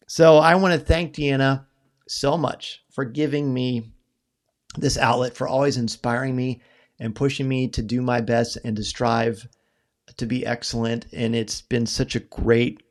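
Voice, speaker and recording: A middle-aged man hosting a live podcast stream, talking earnestly and haltingly, choked up at times. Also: mid-range voice, flat delivery. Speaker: podcast host. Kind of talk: emotional live-stream farewell talk.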